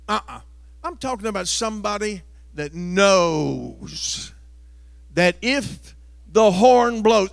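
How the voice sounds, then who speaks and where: High-pitched gravelly preacher shouting a sermon. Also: male voice, dry recording. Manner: impassioned, shouting altar call.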